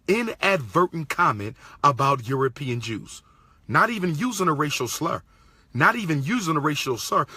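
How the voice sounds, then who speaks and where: A man's voice: on the high side, pushed and bright, husky, no room sound. A man from Pennsylvania giving an indignant commentary, repeating his points and firing off rhetorical questions. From Pennsylvania, USA. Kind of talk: impassioned monologue.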